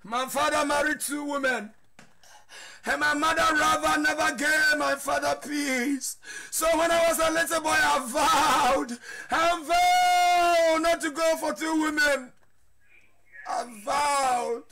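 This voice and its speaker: Shouting Ghanaian preacher, high-pitched, noisy. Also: male voice, fairly even intonation, takes it slowly. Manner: shouting, crying out, switching into Twi prayer. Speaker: pastor. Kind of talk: impassioned sermon.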